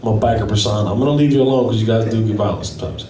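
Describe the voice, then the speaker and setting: A low-voiced man races through a self-deprecating stand-up routine, trading remarks with the crowd. It's an open mic at a small gallery venue, and the distant recording carries a lot of room echo.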